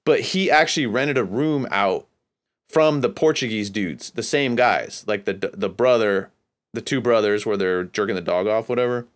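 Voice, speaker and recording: A man hosting a podcast, originally from California, tells a drawn-out, profane story in a laid-back style. He speaks at a normal speed in a fairly low-pitched voice.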